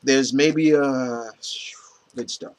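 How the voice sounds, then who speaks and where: A young man talks through his comic picks in an easygoing, unscripted way. His voice sits at an ordinary middle pitch. He rambles, restarts his sentences and leans on fillers, with casual swearing mixed in. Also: steady tone, drawn-out words. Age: young adult. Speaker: comic book reviewer. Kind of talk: casual spoken review.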